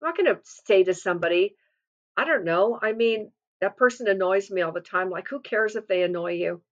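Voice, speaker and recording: A woman's voice: mid-range voice, lively intonation, fairly quick, highs cut off. A middle-aged woman giving an informal devotional sermon, retelling scripture in a chatty way with restarts and asides. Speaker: devotional speaker.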